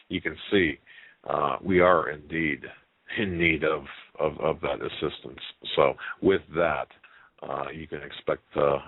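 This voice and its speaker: Male call-in radio host, very low voice, halting delivery, thin phone-line sound. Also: breathy edge, no echo. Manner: halting, many restarts and fillers.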